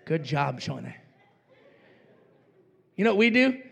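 An older man from New Mexico preaching a revival sermon as pastor, with fervent repeated declarations that often rise to shouts. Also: fairly high pitch, big pitch swings, unhurried, vocal fry, slightly rough. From New Mexico, USA.

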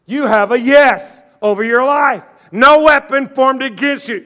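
A man preaches a fervent sermon in a high, bright voice. He calls on his listeners to say lines back to him. He plays their doubts in a lower tone before answering them. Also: takes it slowly. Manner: acts out doubters' objections in a lower, quieter voice. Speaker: pastor.

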